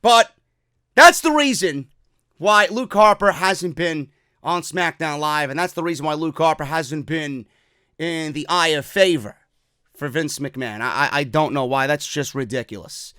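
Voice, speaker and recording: Man, wrestling talk host, excitable rant, profane, dry close sound. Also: fairly high pitch, a little slow, no room sound. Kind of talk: casual opinion rant.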